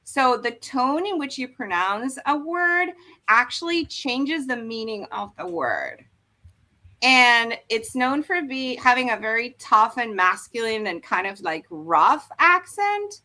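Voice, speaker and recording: A woman with a bright, fairly high voice talks through a topic on a live stream. She explains in a loose, chatty way and keeps restarting her sentences with fillers. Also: big pitch swings, slow pace. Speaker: host explaining Korean dialects. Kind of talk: casual live-stream chat.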